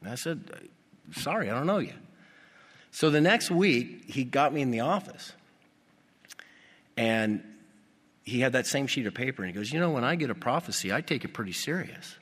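A male pastor preaching a sermon, animated and putting rhetorical questions to his congregation. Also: medium pitch, moderate pace, pauses often. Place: church. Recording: long reverb of a church hall.

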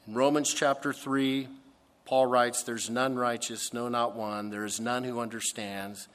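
Earnest preacher in a reverberant hall. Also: male voice, medium pitch, flat delivery, a bit bright. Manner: earnest, emphatic preaching with dramatic pauses. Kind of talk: sermon. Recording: long reverb of a large hall.

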